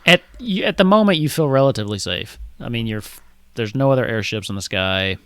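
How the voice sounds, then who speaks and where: A man's voice: medium pitch, lively intonation, fairly quick, fairly bright tone, clean tone, no echo. Rambling male game master, dry sound. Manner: loose, rambling narration with fillers. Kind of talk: narrating a tabletop game.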